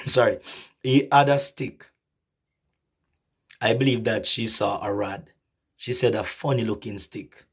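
A man preaching a sermon slowly and emphatically, repeating phrases, with a husky voice and an occasional cough. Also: medium pitch. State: coughing, clearing throat.

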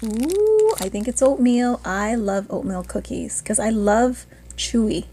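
A woman in a casual unboxing vlog who talks in an unhurried, drawn-out way. Her voice sits a little high and she gushes with excitement. A faint hiss of noise runs underneath. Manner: gushing, excitable, often exclaiming. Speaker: vlogger.

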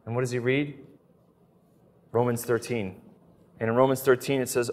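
A man giving a teaching lecture on scripture, telling a story earnestly and moving between emphatic and hushed delivery. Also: mid-range voice, level tone, normal speed, pauses often, long reverb tail.

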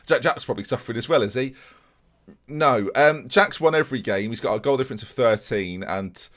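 A man's voice: mid-range voice, lively intonation, brisk, a bit bright. A man hosting a video game let's-play, talking viewers through it in a chatty, self-deprecating way. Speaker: gaming YouTuber host. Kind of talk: casual let's-play commentary.

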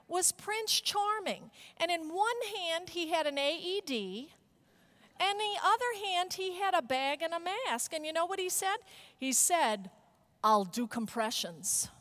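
A middle-aged woman giving a keynote talk at a conference, telling an animated story and leading the audience in call-and-response chants. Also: extremely high pitch, measured pace. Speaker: keynote speaker. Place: conference hall stage.

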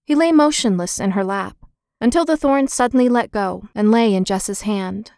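A woman narrating a children's book in a clear, expressive storytelling manner. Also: mid-range voice, moderate pace, no room sound, clean studio sound. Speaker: audiobook narrator.

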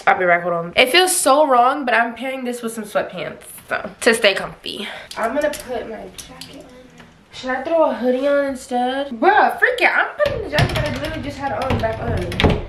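A woman with a fairly bright, highish voice and lively intonation chats quickly to camera in her vlog while getting ready at home indoors, talking to herself along the way. There's a little hiss or hum.

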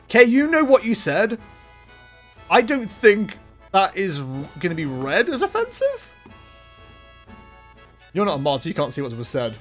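A man's voice: high voice, huge pitch swings, moderate pace, long pauses, fairly bright tone. A man live-streaming a card game, chatting casually, joking about himself and laughing often. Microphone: desk microphone, webcam. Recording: music playing faintly behind.

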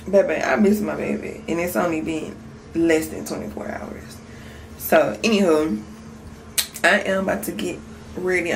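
A young mom in her twenties, with a lowish, gravelly, darkish voice, chats sleepily and candidly to her viewers right after waking up, talking straight to camera in a casual vlog. The audio is poor, with a little hiss or hum.

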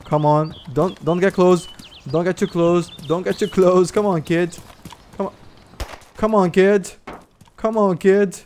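A man with a Brazilian Portuguese accent speaks in a high, steady, slightly mellow voice, a little slowly and with long pauses, over slight background noise. As a gamer streamer in gameplay voice chat, he issues orders, ridicules other players, swears and laughs.

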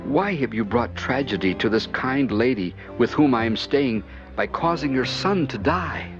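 A man voicing a kind old prophet in a storybook reading, speaking gently and earnestly. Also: mid-range voice, expressive, moderate pace, pitched above the performer's own voice, lightly acted. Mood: prayerful. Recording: dull lo-fi with music behind.

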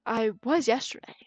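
A woman's voice: a little high, no echo. Giggly young woman streamer, dry mic. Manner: chatty, giggly, talks to chat. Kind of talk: casual gameplay commentary. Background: faint game music.

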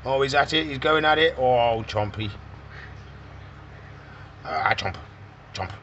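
A man's voice: mid-range voice, lively intonation, takes it slowly, a bit bright, lo-fi sound, slight background noise. A man running a reptile shop vlog, chatting casually and baby-talking to the animals. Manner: playful, baby-talks to animals. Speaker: reptile shop owner and vlogger. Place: pet shop.

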